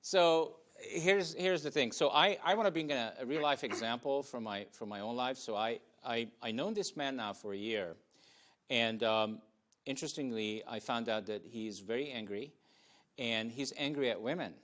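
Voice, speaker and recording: A man speaking on a studio panel in a casual discussion, animated and laughing between phrases. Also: mid-range voice, normal speed.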